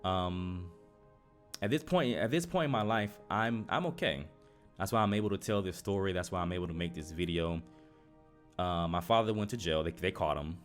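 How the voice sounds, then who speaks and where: Man, very deep voice, personal storytelling, halting, repeats himself, soft background music. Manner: halting, repeats words while recounting. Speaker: channel host telling his life story.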